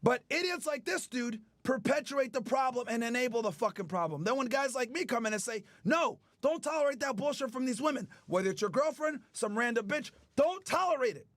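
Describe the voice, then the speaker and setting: The host's voice is very high-pitched and a bit bright, animated and fairly quick with few pauses. He rants heatedly and profanely on stream, mocking those he talks about, in a dry studio-quality recording.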